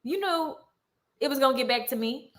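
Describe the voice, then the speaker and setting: A young woman vlogger ranting heatedly on a live stream, indignant and fast-talking, with features. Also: high-pitched, animated.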